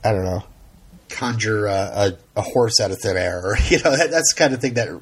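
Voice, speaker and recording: A man's voice: fairly low pitch, expressive, fairly quick, slight background noise. A man co-hosting a casual chat, rambling with frequent ums and light laughs. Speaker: podcast co-host.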